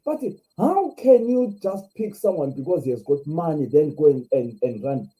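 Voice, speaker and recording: A man's voice: on the high side, expressive, moderate pace, warm tone, rough recording. A Zimbabwean man hosting a live stream, speaking with passion, repeating himself and firing off rhetorical questions. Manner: impassioned, repetitive, rhetorical questions. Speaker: live show host.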